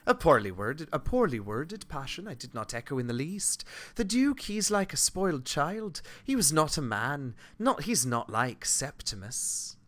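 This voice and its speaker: A man's voice: fairly high pitch, sing-song, a little slow, hardly any pauses, fairly bright tone. A man voicing a haughty, defensive noblewoman in a video game, with a put-on northern English accent that keeps slipping into Irish. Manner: defensive, aloof, theatrical. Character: haughty widowed noblewoman suspect.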